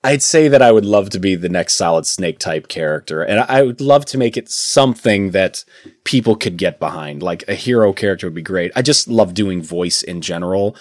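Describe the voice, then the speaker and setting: Man from Indiana, young adult, swooping lively pitch, dry close sound, laughs a lot while chatting. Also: a little fast, dry recording. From Indiana, USA. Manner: chatty, laughs often between phrases. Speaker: voice actor guest. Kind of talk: casual interview chat.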